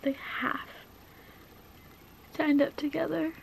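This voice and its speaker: A young woman talks casually to her camera at home, gushing and excitable, peppering her sentences with "like." Her voice sits high. A faint background noise hangs under the recording. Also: slow pace, creaky. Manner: gushing, excitable, says "like" a lot. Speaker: book vlogger. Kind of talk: casual reading vlog chat.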